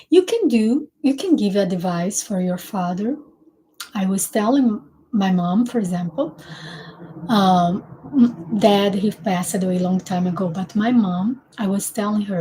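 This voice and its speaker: Woman therapist, earnest explainer in a casual relationship talk, slow and unhurried delivery. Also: medium pitch, mellow, a little hiss or hum, rough recording.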